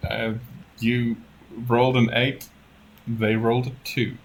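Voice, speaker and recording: A man narrating as game master in a tabletop game, easygoing and often laughing, with halting narration. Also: medium pitch, level tone, slight background noise, low-quality recording.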